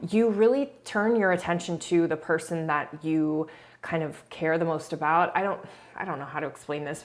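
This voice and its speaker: A woman casually talking through a reality show scene, chatty and hedging, often restarting her sentences. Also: sits low. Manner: chatty, hedging, frequent restarts and soft laughs. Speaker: reality TV commentator. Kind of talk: casual video commentary.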